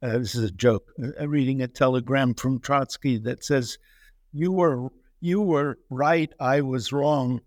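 Slow, hesitant scholarly man. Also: mid-range voice, dry recording, clean studio sound. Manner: hesitant, many restarts and fillers. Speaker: author being interviewed. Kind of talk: scholarly interview answer.

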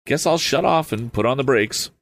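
A man's voice: medium pitch, lively intonation, normal speed, vocal fry, pitched above the performer's own voice. A man doing a panicked young rider. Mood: worried. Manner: frantic shouting warnings.

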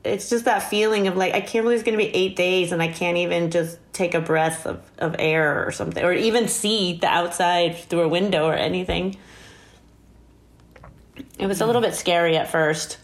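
Speaking at a normal speed in a fairly low voice, a woman recounts a story as a guest in a casual interview. She's lively and quick to laugh, acting out other people's words.

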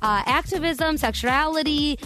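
Woman, radio co-host, entertainment news, high pitch, chatty asides. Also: normal speed, sharp tone, soft background music. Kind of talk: upbeat news rundown.

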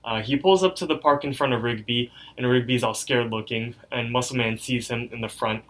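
A man's voice: mid-range voice, fairly quick. A young man co-hosting a podcast, recapping an episode in a rambling, filler-heavy way. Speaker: podcast co-host.

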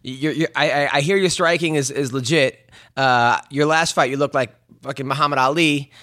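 A man's voice: medium pitch, fairly even intonation, normal speed, sharp tone. A man hosting a casual interview, joking in a brash and crude way.

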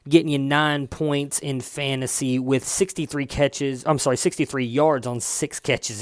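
Smooth-voiced casual fantasy football man. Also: mid-range voice, steady tone, measured pace, hardly any pauses, no room sound, clean studio sound. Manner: loose and chatty, swears, corrects himself. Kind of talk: casual solo recap.

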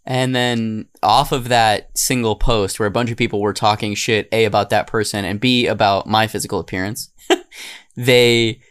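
A man co-hosting a podcast, chatting casually and getting loud when he acts out meme quotes. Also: fairly low pitch, steady tone, normal speed, smooth. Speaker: podcast co-host.

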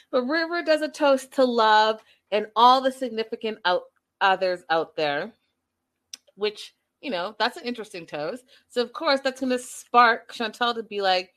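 Animated woman recapping gossip. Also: mid-range voice. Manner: animated, quotes people in lively voices. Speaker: reality TV recap host. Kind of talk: casual chat recap.

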